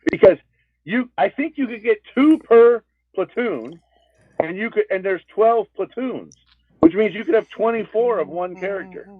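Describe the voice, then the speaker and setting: Livestream co-host, male, slightly high voice, dry close sound, talks in restarts. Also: expressive, normal speed, no room sound. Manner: rambling, restarts a lot. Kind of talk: casual chat. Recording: tinny phone-like line.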